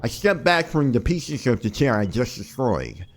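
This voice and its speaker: A bewildered, uneasy young man, read aloud by a man narrates in the first person. His pitch moves widely from line to line. He sounds anxious and confused. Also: very animated, normal speed. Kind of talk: reading visual novel narration aloud.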